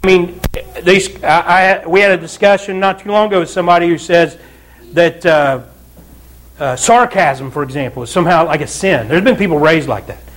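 High-voiced man preaching a sermon. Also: moderate pace, slight background noise. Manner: conversational preaching with frequent asides and rhetorical "Amen?". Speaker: pastor. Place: church sanctuary.

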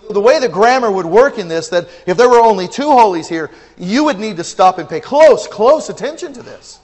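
A man preaching a sermon, shifting between fervent proclaiming and quiet, careful teaching. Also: high voice. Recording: long reverb of a large hall.

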